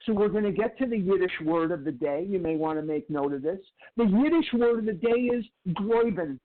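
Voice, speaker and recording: A man giving a twelve-step recovery talk in a storytelling lecture style, slowly repeating phrases for emphasis. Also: high voice, animated. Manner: slow, emphatic repetition of phrases. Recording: tinny phone-like sound.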